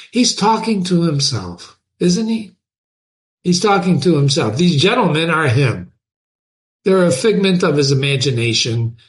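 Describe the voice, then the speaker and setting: A man with a fairly high voice reads a novel aloud, his pitch swinging widely from line to line. He stops often to question listeners and explain what the passage means, like a teacher. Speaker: host reading a novel aloud. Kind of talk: reading aloud with commentary.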